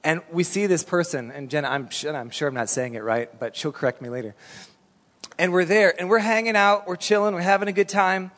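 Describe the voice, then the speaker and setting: A middle-aged man preaching a sermon as a pastor, telling stories in an animated, conversational way. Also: high voice, brisk. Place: church hall. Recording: long reverb in a church hall.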